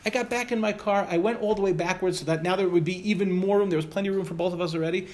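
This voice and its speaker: Animated man telling a story. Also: high-pitched, racing. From United States. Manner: animated, acts out the voices of the people in his stories. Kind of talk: anecdotal speech to an audience.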